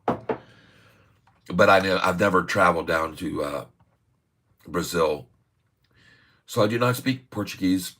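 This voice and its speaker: Deep-voiced chatty livestream host, man. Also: takes it slowly, long pauses, fairly bright tone. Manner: chatty and jokey, laughs often, repeats words. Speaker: day-trading livestream host. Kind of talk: casual livestream chat.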